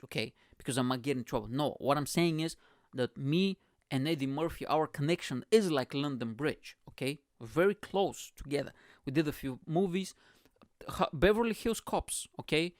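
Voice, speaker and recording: A man's voice: medium pitch, normal speed, dry recording, studio quality. A young man with an accent, hosting a podcast with a crude, boastful, self-mocking comedic monologue. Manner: speaks with an accent. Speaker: podcast host.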